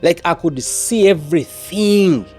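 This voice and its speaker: A man's voice: fairly high pitch, lively intonation, a little slow, mellow, soft background music. A man, an evangelist telling his personal testimony in an interview, earnest and often repeating words and restarting.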